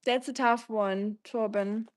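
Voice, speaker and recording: A woman's voice: on the high side, fairly even intonation, slow pace, dry recording. Chatty German-accented woman, dry sound. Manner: chatty, rambling, reads out comments and answers them. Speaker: livestream host. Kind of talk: casual livestream chat answering viewers.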